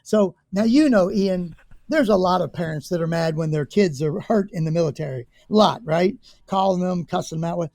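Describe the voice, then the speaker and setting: An American man in his sixties, a guest telling stories in a lively way, swearing casually and acting out the people in them. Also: high voice, normal speed, vocal fry, dry recording, studio quality. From United States. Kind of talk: conversational storytelling.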